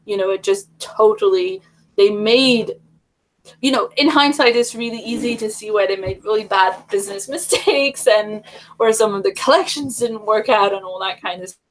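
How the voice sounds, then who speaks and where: A woman's voice: medium pitch, normal speed, rough recording. A woman hosting a casual livestream chat, talking in a rambling way with many fillers and restarts. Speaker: livestream host.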